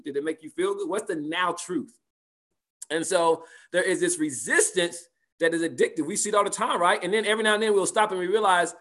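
A man's voice: sits high, sharp tone. A man teaching a spiritual class and answering participants' questions, talking conversationally, repeating phrases and asking "right?".

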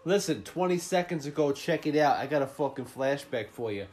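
A man's voice: fairly high pitch, lively intonation, fairly quick, a little mellow. A man hosting a podcast, chatting casually about a movie while he watches it, swearing often and mocking the plot. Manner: profane, joking, mocking the plot. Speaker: podcast host.

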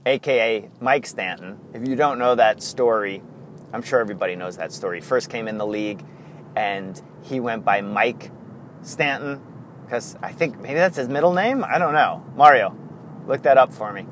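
A man's voice: mid-range voice, animated, moderate pace, fairly bright tone, a little hiss or hum. Rambling man hosting a podcast. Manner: rambling, goes off on tangents; chuckles often, many fillers. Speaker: podcast host. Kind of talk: casual solo podcast monologue.

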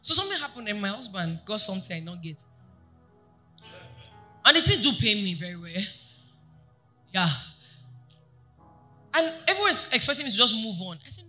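A woman pastor preaching a sermon to her congregation, animated and often asking them questions. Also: on the high side, brisk, pauses often, soft background music. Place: church.

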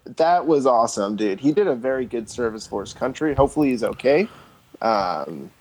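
A man's voice: mid-range voice, lively intonation, moderate pace, darkish tone, slightly rough, rough recording. A young man co-hosting a podcast, joking sarcastically and swearing freely. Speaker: podcast co-host. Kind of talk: casual chat.

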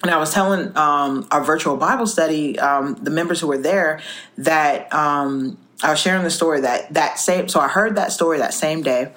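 A woman co-hosting a faith podcast, telling stories in a lively way and acting out the people in them. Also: low voice, normal speed. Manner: animated storyteller, acts out quoted voices. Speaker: co-host. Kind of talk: faith podcast chat and storytelling.

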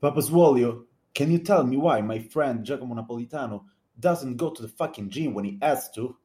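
A man's voice: medium pitch, fairly quick, dark tone, close to an everyday voice. A man voicing a young man who dramatically begs a fitness host to help with his lazy friend, in an exaggerated sing-song manner. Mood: pleading.

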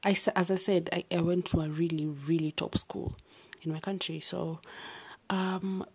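Young woman with an accent, low breathy voice, slow and half-whispered, late-night confessional vlog. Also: steady tone. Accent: unnamed non-native-sounding accent. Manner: soft, often half-whispered, rambling with sighs and restarts. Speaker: vlogger. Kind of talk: late-night personal ramble.

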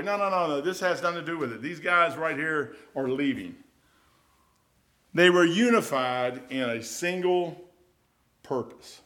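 Man preaching, folksy, conversational, middle-aged, higher-pitched, sudden shouted bursts. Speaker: pastor. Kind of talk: sermon.

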